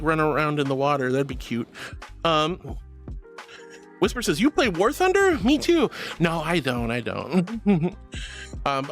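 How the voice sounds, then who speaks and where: High-voiced giggly male streamer. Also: fairly bright tone. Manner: playful, giggly, affectionate. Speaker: streamer reading chat. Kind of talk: casual chat. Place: home streaming setup.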